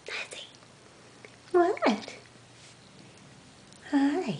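A woman's voice: high voice, huge pitch swings, drawn-out words, pauses often, darkish tone, a little hiss or hum. A woman at home, a pet owner, cooing doting baby talk to her cat in a sing-song way.

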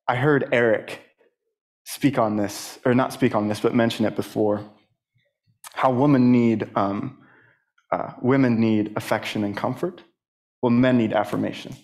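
Young man, mid-pitched voice, church testimony, halting, many fillers, rises with emphasis. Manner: rises higher and more emphatic when stirred. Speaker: church speaker. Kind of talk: personal testimony sermon.

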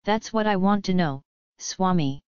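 A woman's voice: fairly low pitch, unhurried, darkish tone, clear, resonant tone, no room sound, highs cut off, natural voice. A woman reading the part of a brooding young male prince in an audiobook, in an impassioned, bitter manner. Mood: anguished.

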